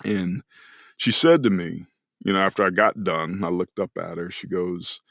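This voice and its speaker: Deep-voiced man telling an earnest story. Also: normal speed, creaky, fairly bright tone, dry recording, studio quality. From California, US. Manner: earnest, emotional, reflective. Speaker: podcast guest, former pro football player. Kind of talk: casual storytelling conversation.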